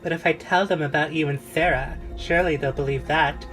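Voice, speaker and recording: A woman's voice: low voice, fairly even intonation, a little fast, music in the background, natural voice, rough recording. A woman voicing a proud, sarcastic teenage girl in an amateur voice drama. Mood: scheming. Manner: cutting, sarcastic. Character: proud, sharp-tongued teen girl.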